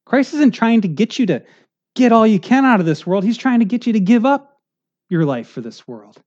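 A man preaching a conversational sermon, rambling and animated, full of asides and restarts. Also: high-pitched, moderate pace. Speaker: pastor. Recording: muffled lo-fi recording.

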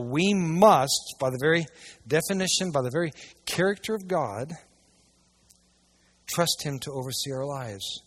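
A man preaching a sermon to a church audience, swinging between hushed asides and loud, emphatic passages. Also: fairly high pitch, animated, a little slow, long pauses. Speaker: pastor.

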